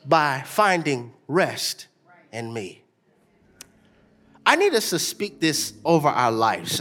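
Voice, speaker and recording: A man preaching a sermon as pastor in a church before a live congregation, moving from soft storytelling into shouted, half-sung exhortation and leading call-and-response. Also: a little high.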